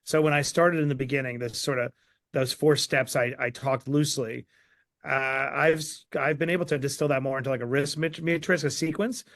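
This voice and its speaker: A man speaking as an author guest in a live online Q&A, energetic and emphatic. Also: mid-range voice, a little fast, no echo.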